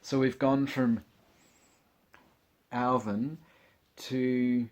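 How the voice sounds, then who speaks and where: A man's voice: medium pitch, fairly even intonation, extremely slow, darkish tone. Giggly man chatting casually. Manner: chatty, giggly, joking asides while leafing through a magazine. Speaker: vlogger. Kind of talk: casual chat.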